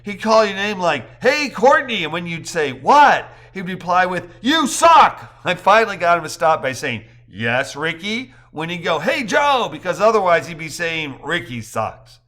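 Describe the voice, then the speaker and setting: A man reading the part of a goofy, excitable young husband who jokes around defensively. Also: high voice, unhurried, hardly any pauses, voice pushed up, exaggerated voice. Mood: joking.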